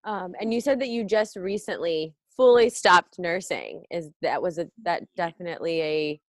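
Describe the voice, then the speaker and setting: A woman hosting a podcast, who asks unhurried questions and nods along with short affirmations. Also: on the low side, lively intonation, dry recording, studio quality. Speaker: podcast host. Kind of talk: interviewing.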